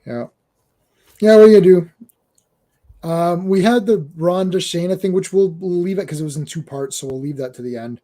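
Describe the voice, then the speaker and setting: A man's voice: high voice, normal speed, dark tone. A man hosting a casual podcast chat, rambling and repeating words as he goes. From Canada. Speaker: podcast host.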